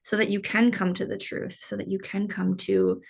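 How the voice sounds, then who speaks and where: A woman's voice: medium pitch, level tone, normal speed, vocal fry. Earnest woman hosting a podcast chat. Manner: earnest, filler-heavy with "like" and "you know". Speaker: podcast host. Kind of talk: casual interview chat.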